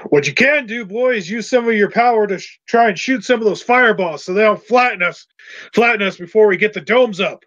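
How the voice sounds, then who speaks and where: A man's voice: high-pitched, a little fast, fairly bright tone, voice pushed up. A man voicing a bossy male townsman who calls the heroes boy and kid. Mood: instructive. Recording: dull lo-fi recording.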